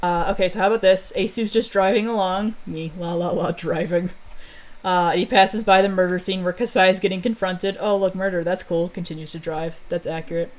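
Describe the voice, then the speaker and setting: A woman's voice: lowish voice, steady tone, a little fast. A woman streamer and story author in casual chat, rambling and self-mocking, with casual swearing.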